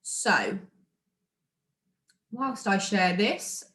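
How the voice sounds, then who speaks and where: A British primary school teacher records a remote lesson in an echoey room, encouraging young children as she sounds out words. Her mid-range voice is sing-song and a bit bright, and she speaks extremely slowly.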